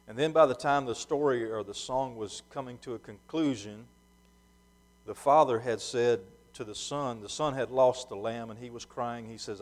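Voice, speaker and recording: A man preaching a sermon in earnest, often restarting and repeating phrases, dropping soft and low at times, then rising to louder emphatic lines. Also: moderate pace. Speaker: pastor.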